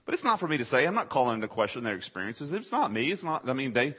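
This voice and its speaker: Husky man preaching with big swings. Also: mid-range voice, sing-song, fast talker. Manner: emphatic preaching, swings from loud to hushed. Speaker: pastor. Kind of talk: sermon. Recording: dull lo-fi sound.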